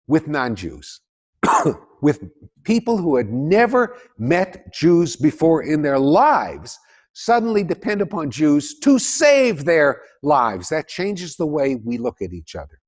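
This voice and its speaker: A man giving a lecture to a live audience, animated and jokey, often putting questions to the listeners. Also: a little high.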